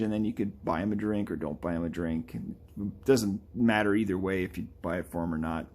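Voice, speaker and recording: Casual male artist streaming his drawing, chatty and lively, sometimes slips into character voices. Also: low-pitched, brisk. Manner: chatty, animated, playfully does game character voices. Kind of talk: casual chat while drawing.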